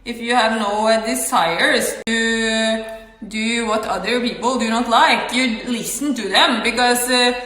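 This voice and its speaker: Slow, bright-voiced woman in an echoey room. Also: on the high side, fairly even intonation, soft background music. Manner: halting, many filler words, sudden loud outbursts. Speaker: vlogger. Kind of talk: agitated personal monologue. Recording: echoey room with long reverb.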